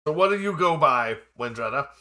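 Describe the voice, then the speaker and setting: Bright-voiced male game master. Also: a little high, animated. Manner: measured storytelling narration mixed with casual table talk. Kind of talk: narrating a tabletop game.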